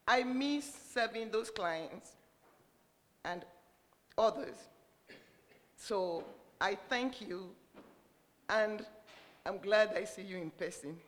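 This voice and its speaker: A woman in the audience at a public talk, speaking haltingly and emotionally, searching for words. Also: medium pitch, expressive. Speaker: audience member. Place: large church hall. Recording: distant voice in reverberant hall.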